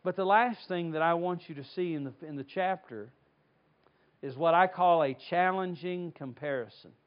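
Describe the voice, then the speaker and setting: A man from North Carolina, preaching a sermon and telling stories with lively acted-out voices. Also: a little high, moderate pace, muffled recording. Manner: animated storytelling, acts out voices. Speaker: pastor.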